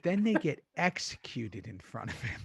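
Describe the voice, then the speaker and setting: A middle-aged man hosting a podcast in casual chat, animated, swearing freely and laughing mid-sentence. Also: medium pitch, normal speed, creaky, husky, dry recording. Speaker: podcast host recapping a TV episode.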